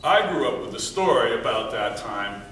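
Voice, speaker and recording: A man giving a prepared storytelling speech at a speech contest, earnest, moving between loud emphasis and quiet, hushed passages. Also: medium pitch, big pitch swings, normal speed. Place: meeting room before an audience. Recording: echoey room, mic from far off, faint noise.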